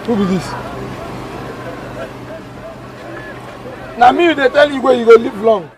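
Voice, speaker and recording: A man's voice: very high voice, quick pace. An actor playing a proud, short-tempered village king in a comedy skit, speaking with a Nigerian accent in a blustering, threatening way. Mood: irritated. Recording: outdoor take with loud crowd.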